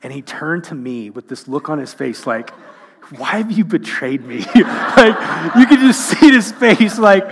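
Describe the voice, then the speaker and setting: A man's voice: fairly high pitch, sing-song, measured pace, few pauses, a little hiss or hum. A middle-aged man preaching a sermon, telling funny self-mocking family stories before landing an earnest point. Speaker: pastor.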